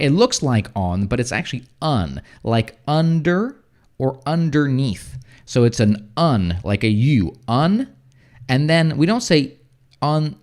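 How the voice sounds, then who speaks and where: An American man hosts a relaxed livestream English lesson at a middle pitch. He talks in a loose, chatty way, answering viewer questions, and slows down to spell out words before checking in with "right?". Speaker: English teacher. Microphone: streaming setup.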